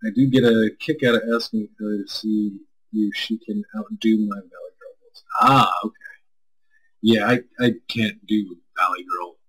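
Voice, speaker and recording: Husky man chatting loosely on stream. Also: fairly low pitch, steady tone, moderate pace, fairly bright tone, low-quality recording. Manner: loose and rambling, swears freely, reads chat aloud. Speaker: stream co-host answering chat. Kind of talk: casual chat.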